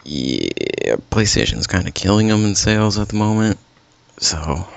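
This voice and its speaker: A man's voice: lowish voice, measured pace, creaky, no room sound. A man hosting a casual gaming podcast, rambling and correcting himself as he chats with a friend. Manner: rambling, self-correcting, animated. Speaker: podcast host.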